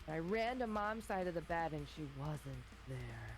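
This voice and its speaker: A woman in her thirties telling a funny childhood story in a relaxed chat, acting out her family's voices. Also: deep voice, moderate pace, faint music behind, low-quality recording. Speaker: streamer guest. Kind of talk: casual storytelling.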